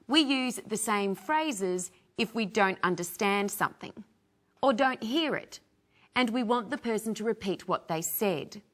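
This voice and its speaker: A woman teaching English phrases, clearly modelling each one for learners to repeat. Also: medium pitch, lively intonation, unhurried, fairly bright tone. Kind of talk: slow teaching with repeat-after-me drills.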